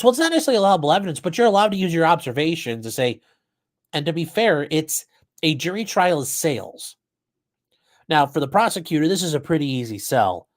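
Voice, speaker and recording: Blunt, profane male livestream host. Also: on the high side. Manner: blunt and profane, chatty asides. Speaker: livestream host commenting on a trial. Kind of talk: casual live commentary, reading chat.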